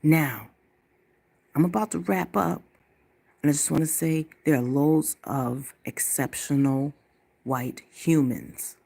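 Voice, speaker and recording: A woman from the United States delivering a blunt, profane ranting monologue to camera as a vlogger, slowing down to hammer her points. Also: a bass voice, gravelly, warm tone, breathy edge.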